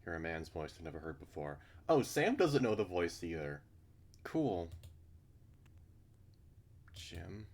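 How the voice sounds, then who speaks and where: A man's voice: sits low, sing-song, moderate pace, darkish tone. A man reading a visual novel aloud, breaking off for blunt, sweary asides. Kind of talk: reading a story aloud with casual commentary.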